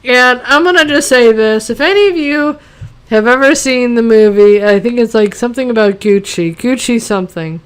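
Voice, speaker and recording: A woman with a fairly high, smooth and clear voice rants casually about a TV episode. She sounds exasperated and sarcastic, swears freely, and rambles through plenty of fillers. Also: normal speed. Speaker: TV episode reviewer. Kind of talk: casual ranting review.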